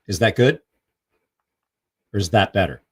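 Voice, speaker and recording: Casting: a chatty vlog host with a husky voice and a lively, bouncing pitch. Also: male voice, a little slow. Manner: chatty, laughing, restless. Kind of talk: casual chat, testing a new microphone.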